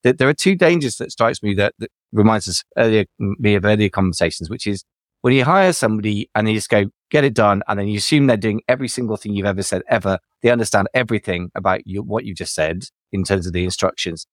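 A man hosting a podcast, asking questions and musing in a quick, reflective way with light chuckles. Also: lowish voice, no room sound, clean studio sound. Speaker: podcast host. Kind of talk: casual podcast conversation.

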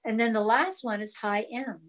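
At a moderate pace and with a fairly high voice, a woman guest in a casual interview explains sound healing in an encouraging, flowing manner and demonstrates chanted tones. The audio is poor, with slight background noise.

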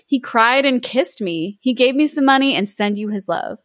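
A cocky young street boy, blunt and defensive, speaks in a fairly high voice, read by a woman. The sound is dry and close. It comes across as a storybook figure read aloud. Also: expressive, moderate pace, no echo, close to an everyday voice. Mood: insistent.

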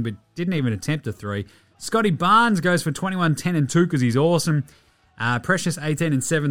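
A man hosting a daily sports podcast, talking fast and loose with swearing as he rattles off stats. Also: a little high, no echo. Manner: energetic, profane, rattling off stats. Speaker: podcast host.

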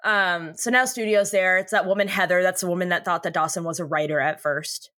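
A woman's voice: on the low side, steady tone, a little fast, sharp tone, no room sound, clean studio sound. A woman co-hosting a podcast, recapping an episode in a chatty, profane way and laughing often. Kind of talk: casual chat.

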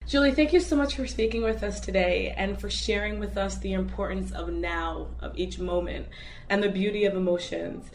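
A woman's voice: mid-range voice, moderate pace, slight background noise. A woman podcast host thanking her guest and closing the episode.

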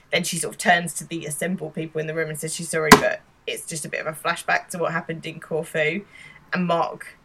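British woman recapping a tv episode, lowish but bright voice, giggles a lot. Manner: laughs often, acts out quoted lines. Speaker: podcast co-host. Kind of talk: casual chat recapping a TV episode.

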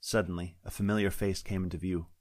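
A man, the author, reading his science-fiction story aloud in a steady, wry narrating manner. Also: low-pitched, fast talker, dry recording. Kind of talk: scripted audiobook narration. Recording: dry close-up studio sound.

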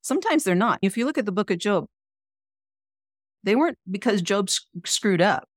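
A woman's voice: mid-range voice, lively intonation, moderate pace, no echo, clean studio sound. A middle-aged woman sharing an earnest, emotional personal faith testimony as an interview guest. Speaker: guest, author and coach.

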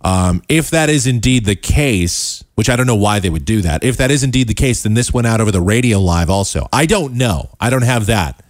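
A man hosting a talk show, giving casual, sarcastic commentary with quick asides. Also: on the low side, expressive, no room sound, studio quality. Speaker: show host.

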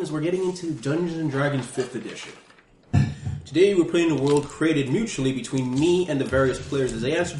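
A man's voice: a little high, a little hiss or hum. A man acting as dungeon master, chatting casually with joking, self-mocking asides. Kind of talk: casual tabletop game talk. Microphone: single USB mic in the middle of the table. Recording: echoey room, one table mic.

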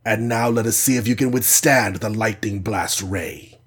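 A man's voice: fairly low pitch, fairly bright tone, slightly rough. A man reading aloud and voicing a snarling, arrogant alien conqueror. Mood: menacing. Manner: snarling, slow menace.

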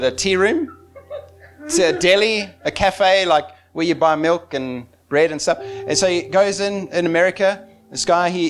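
A male pastor preaching a sermon, telling stories with lots of laughter and acted-out quotes. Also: on the high side. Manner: animated storytelling, laughs often, acts out quotes.

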